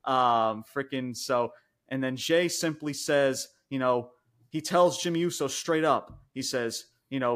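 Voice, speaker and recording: A man co-hosting a podcast, recapping a wrestling show in casual chat, excited and swearing freely with lots of fillers. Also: medium pitch, a little slow. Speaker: podcast co-host reviewing wrestling.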